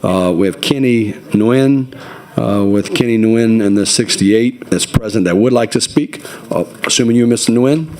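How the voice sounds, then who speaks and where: A man runs a legislative committee hearing in a very deep voice. He speaks haltingly, with frequent fillers as he reads out names. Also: a little mellow. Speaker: committee chairman.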